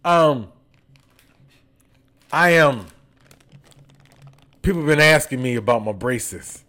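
A man's voice: medium pitch, a little slow, long pauses, a bit bright. Man with a slight braces lisp. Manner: loose, teasing, profane and candid. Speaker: podcast host. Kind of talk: casual storytelling monologue.

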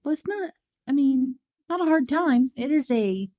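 Profane, animated woman podcaster. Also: high-pitched, moderate pace, dull audio. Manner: profane, tangent-prone, animated. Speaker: podcast co-host. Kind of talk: casual movie discussion.

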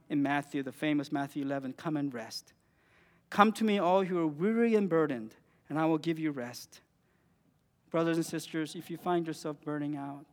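A man preaching a sermon in an earnest way, rising to emphatic phrases and dropping to quiet ones. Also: fairly high pitch, big-room sound.

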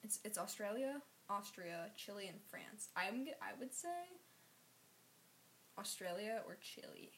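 A young woman co-hosting a casual podcast, giggly and animated, often trailing off mid-sentence. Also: medium pitch, a little slow, slight background noise. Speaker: podcast co-host.

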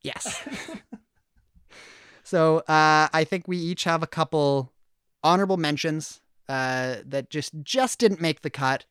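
A man's voice: fairly high pitch, slow, a bit bright, clean tone, dry recording, studio quality. A man co-hosting a podcast, talking casually and laughing easily, often restarting his sentences. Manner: chatty, laughs easily, frequent restarts and fillers. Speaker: podcast co-host. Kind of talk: casual chat.

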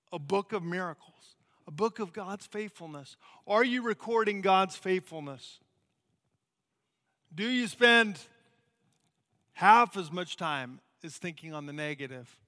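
An American missionary man preaches in a lively, conversational style. His voice sits high and sounds bright and forceful. A long hall reverb trails after his words. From United States. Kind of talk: sermon.

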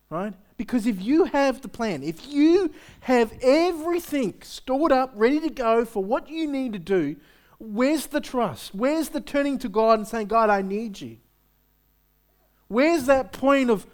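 A pastor preaches to his congregation in a conversational way, throwing out rhetorical questions. His pitch swings freely up and down and stays lively throughout. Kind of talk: sermon.

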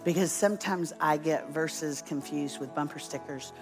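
A woman's voice: sits low, moderate pace, music in the background. A woman preaching as a guest speaker, telling a story with humor, poking fun at herself and acting out what people said. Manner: humorous, self-deprecating storyteller who acts out quotes. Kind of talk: storytelling sermon.

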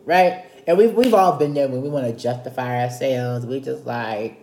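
A man's voice: medium pitch, normal speed, roomy sound. Chatty man teaching Bible study. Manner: chatty, playful, animated retelling.

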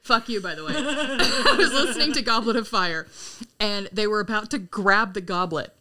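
A woman's voice: mid-range voice, lively intonation, normal speed, pushed and bright. A young adult woman co-hosting a podcast, telling stories in casual chat, laughing often and swearing freely. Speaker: podcast co-host.

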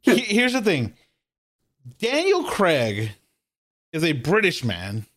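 A man with a high voice rambles through casual talk, animated and full of restarts. His delivery jumps around as he builds his point. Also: slow pace. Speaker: podcast co-host. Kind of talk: casual chat.

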